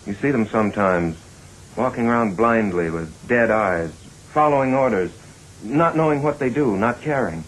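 A man plays a grave figure in an old film clip who explains things in a mid-pitched, level voice. Faint hiss sits under the speech. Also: lively intonation, normal speed, natural voice, poor audio. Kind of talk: film dialogue.

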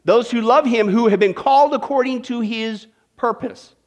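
A man with a very high-pitched voice, speaking at normal speed, preaches a sermon as a Bible study teacher. He's folksy and animated and peppers his congregation with rhetorical questions.

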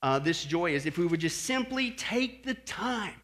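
A man preaching a sermon as pastor, animated, often asking the congregation questions and adding friendly "okay?" asides. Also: sits high, moderate pace.

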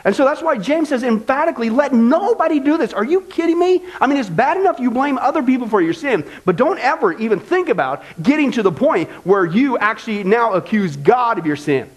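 Pastor guy preaching hard, high voice, lots of "excuse me?" type questions. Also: expressive, fairly quick, few pauses. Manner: emphatic, preaching with rhetorical questions. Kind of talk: sermon.

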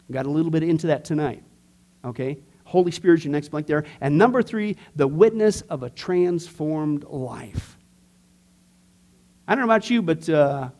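A man teaching a church discipleship class, earnest and conversational, swinging from emphatic to quiet. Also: a little high.

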